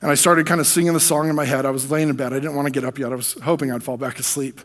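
A man's voice: medium pitch, fairly even intonation, very fast, a bit bright. An American man preaching from the pulpit, telling a personal testimony in an earnest, emotional way.

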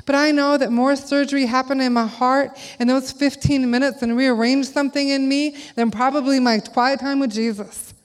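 Middle-aged woman preacher, animated storyteller, higher register, reverberant church hall. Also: moderate pace, hardly any pauses. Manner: animated, acts out quotes in a high child voice. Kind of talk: sermon with storytelling. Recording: long reverb of a large hall.

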